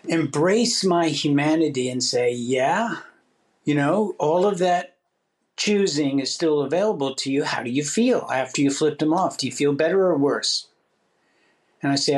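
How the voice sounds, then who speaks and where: Reflective man with a higher voice. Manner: reflective, acts out his own inner voice. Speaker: podcast co-host. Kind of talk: casual chat.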